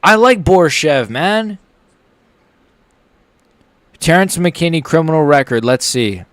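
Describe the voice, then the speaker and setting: A young man on a livestream, reacting to fights live with a slightly high voice. He rambles, swears and jumps between muttering and yelling. The recording is close and dry. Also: slow, no echo. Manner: excitable and rambling, swears, swings from mumbling to shouting. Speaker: livestream host.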